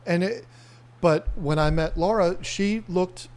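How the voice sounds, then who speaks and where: A man's voice: high voice, unhurried, a little mellow. A man hosting a podcast in casual chat, mostly answering with short encouraging replies. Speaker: podcast host.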